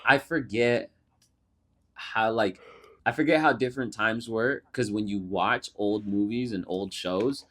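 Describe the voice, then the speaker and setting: A man's voice: on the low side, measured pace, fairly bright tone. A young man co-hosting a podcast in casual chat, retelling comedy scenes with lots of swearing and laughter. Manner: profane, laughing storyteller. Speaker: podcast co-host.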